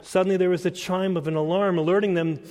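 A man preaching a sermon as pastor, telling a story deliberately and pressing his point with earnest emphasis. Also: high voice, steady tone, a little mellow. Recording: long church-hall reverb.

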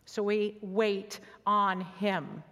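A woman's voice: medium pitch, very slow. Earnest woman preaching in an echoing hall. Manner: earnest, conversational, drops to soft near-whispers. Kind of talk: sermon with personal story.

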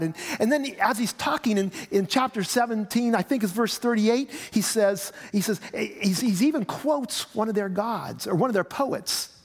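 Middle-aged pastor guy preaching, kinda high voice, repeats himself, long echo like a big church. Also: lively intonation, normal speed, few pauses. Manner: conversational preaching, repeats words, chuckles. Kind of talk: sermon. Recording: long hall reverb.

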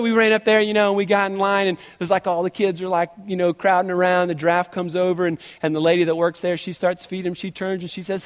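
Brief: high-pitched male pastor, animated and humorous, echoing church hall. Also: fast, few pauses. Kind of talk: sermon storytelling.

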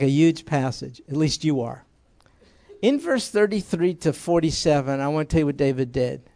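A man's voice: fairly high pitch, creaky, mellow, dry recording. A man preaching a conversational sermon to his congregation, joking and emphatic, often repeating key phrases.

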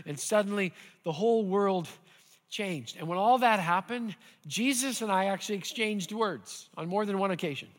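A man preaching a sermon as pastor, earnest and building at times to animated intensity, in a church sanctuary. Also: sits high. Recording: hall reverb.

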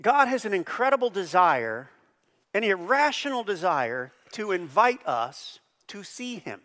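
A middle-aged man preaching a sermon as pastor, animated, with loud high bursts on the phrases he stresses. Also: a little slow. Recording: long hall reverb.

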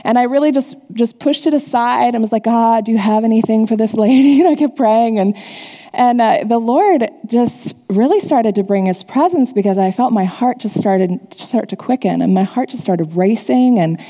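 A woman's voice: on the high side, normal speed, dark tone. A woman giving a sermon to her church, telling a personal testimony in an earnest, confessional way before turning to teach the congregation. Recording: long hall reverb.

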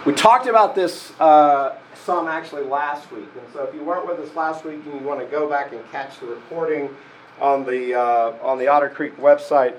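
A man who is a pastor and therapist giving a sermon in a slow, reflective, conversational way, often restarting his sentences. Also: medium pitch, slight background noise, rough recording.

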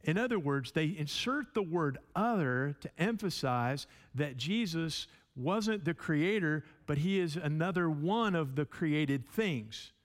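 A man's voice: fairly high pitch, animated, a little slow, few pauses. A man teaching a sermon in a conversational way, often repeating words and checking in with his listeners. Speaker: pastor.

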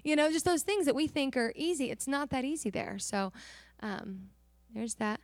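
A woman's voice: sits high, moderate pace, no room sound. Earnest woman telling a mission story. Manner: earnest, animated storytelling, acting out dialogue. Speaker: missionary sharing testimony. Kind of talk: emotional personal testimony to a congregation.

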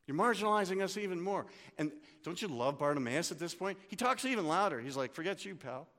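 A man preaching a sermon to his congregation, swinging from hushed, slow lines to loud, urgent ones. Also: high voice, expressive. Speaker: pastor. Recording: long hall reverb.

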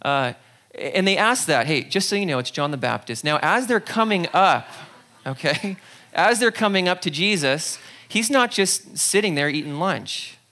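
A pastor preaching a sermon in a conversational, animated way, acting out scenes and checking in with the listeners. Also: medium pitch, moderate pace. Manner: animated storyteller, acts out scenes; conversational, frequent "okay?" asides.

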